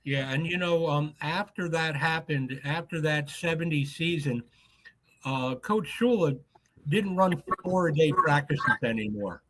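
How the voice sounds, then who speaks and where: A man, an author guest on a podcast, telling a story with lively acted-out quotes. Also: on the high side, a little slow, rough recording. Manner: animated anecdote teller, acts out quoted lines.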